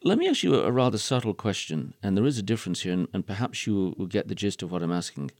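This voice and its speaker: A man hosting a radio interview, asking deliberate, measured questions. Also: deep voice, very animated, a little mellow, no room sound. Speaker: radio host.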